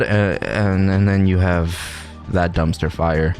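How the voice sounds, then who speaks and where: A man's voice: deep voice, steady tone, normal speed, hardly any pauses, soft background music. A man hosting a reaction video, talking casually with rambling asides, laughter and self-interruptions. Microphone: desk mic, no webcam.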